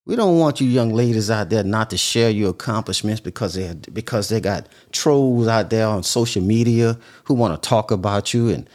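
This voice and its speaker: A man's voice: lowish voice, moderate pace, few pauses, darkish tone. A man giving casual, earnest advice in a monologue, repeating his points often. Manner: repetitive, earnest, preachy, repeats phrases.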